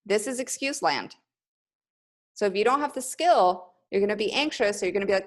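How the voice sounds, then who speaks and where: A woman's voice: medium pitch, animated, brisk. A middle-aged woman running a coaching webinar over a video call, upbeat and pep-talking, often breaking into laughter. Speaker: business coach for yoga teachers.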